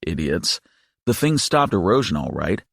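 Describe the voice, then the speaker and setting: Husky, low-voiced male narrator. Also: no echo, studio quality. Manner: steady, measured storytelling. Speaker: audiobook narrator. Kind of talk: scripted narration.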